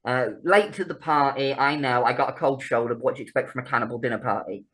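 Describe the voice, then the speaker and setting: A woman's voice: very deep voice, fast, fairly bright tone, slightly rough. A woman, co-hosting a podcast in casual chat, laughing often, swearing freely and bantering. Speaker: podcast co-host.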